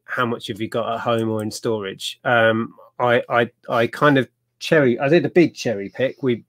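A man's voice: mid-range voice, dry recording. A man chatting casually on a resale livestream, rambling and laughing often. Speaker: co-host of a resale haul livestream. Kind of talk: casual chat.

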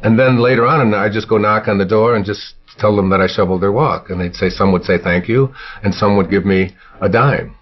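An older man from Michigan telling childhood stories in an interview, halting with many fillers and restarts. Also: fairly low pitch. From Michigan, USA. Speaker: interviewee, self-help author. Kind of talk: reflective storytelling. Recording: dull lo-fi interview recording.

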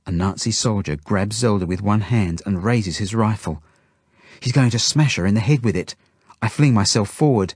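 A man reading a children's novel aloud in first person, with steady, intimate delivery. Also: mid-range voice, normal speed, slightly rough, no room sound, clean studio sound. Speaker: audiobook narrator. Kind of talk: first-person storybook narration.

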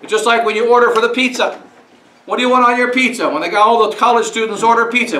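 A priest giving a sermon in a conversational preaching style, asking rhetorical questions. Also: male voice, very high voice, fairly quick, pushed and bright, slight background noise. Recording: roomy echo, speaker far from mic.

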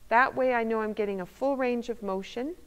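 A woman instructor calmly talking viewers through seated foot exercises step by step while demonstrating them. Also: on the high side, fairly quick, smooth. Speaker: movement instructor. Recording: long reverb of a hall.

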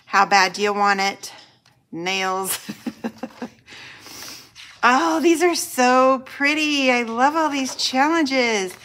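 A middle-aged woman with a raspy voice, gushing and laughing as she unboxes mail for her budgeting channel. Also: high voice, takes it slowly, long pauses. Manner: gushing and excitable, laughs often. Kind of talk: casual unboxing chat to camera.

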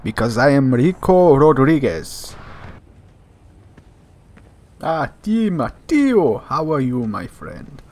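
A man playing a cocky action hero in a put-on, faltering foreign accent, hamming it up over gameplay and muttering low asides. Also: sing-song, slow pace, long pauses, a little mellow. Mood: swaggering. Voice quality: boastful, hammy, drops to low mutters for asides. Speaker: gaming YouTuber. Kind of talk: comedic gameplay commentary in character.

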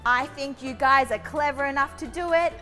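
A high-voiced woman hosting a children's storytime and singalong. She reads aloud and keeps encouraging the kids, talking straight to them. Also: moderate pace, long reverb tail, soft background music. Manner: bright, encouraging, addresses kids directly.

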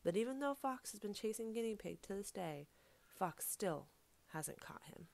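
A woman's voice: medium pitch, moderate pace, gravelly. A woman storyteller narrating a folk tale expressively, with rhythmic repetition. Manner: expressive, repeats phrases for rhythm.

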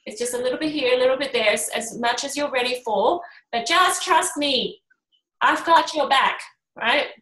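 A woman's voice: high-pitched, moderate pace. A middle-aged woman, an energy healer, chatting to a small group and acting out quoted voices as she tells stories. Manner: animated storytelling, acts out quoted voices. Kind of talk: casual workshop chat. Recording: roomy echo.

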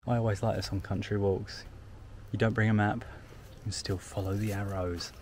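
A young man talks casually as he walks, filling his chatter with "like" and amused asides. His voice sits fairly low. Wind and passing cars come through loudly behind him. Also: flat delivery, normal speed. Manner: chatty, amused commentary with frequent "like". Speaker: walking vlogger. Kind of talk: casual outdoor walking vlog. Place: outdoors, countryside fields and villages. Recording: outdoor noise, wind and passing traffic.

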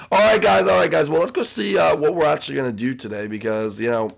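A young adult man talking casually and excitedly, full of slang, as he plays the son in a game role-play. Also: on the high side, quick pace, gravelly, hardly any pauses. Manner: casual, excitable, lots of "dude" and "bro". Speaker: YouTuber playing the young son. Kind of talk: Minecraft role-play video.

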